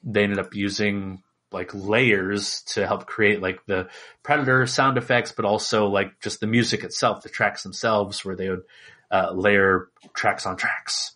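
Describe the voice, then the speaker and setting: A man's voice: on the low side, steady tone, a little slow, pushed and bright. A man co-hosting a podcast in casual chat, rambling with lots of fillers. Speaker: podcast co-host.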